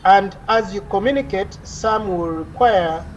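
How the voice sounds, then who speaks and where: A woman lecturing an online class over a video call, her voice mid-pitched and ordinary. She explains patiently, pausing often on "uh" and restarting phrases. Faint noise sits under her voice. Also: dull audio. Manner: explanatory, frequent "uh" fillers and restarts.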